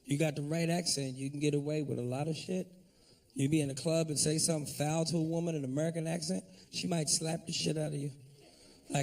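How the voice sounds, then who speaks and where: A male stand-up comic works the crowd in a profane, animated routine. His voice is high and gravelly. It sounds a little distant from the microphone. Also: fast talker. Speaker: stand-up comedian. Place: comedy club stage.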